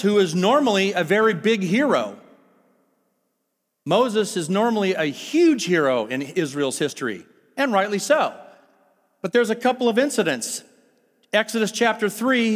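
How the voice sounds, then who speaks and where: A man preaching a sermon, animated and full of rhetorical questions to his listeners. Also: sits high, moderate pace. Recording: long hall reverb with faint music.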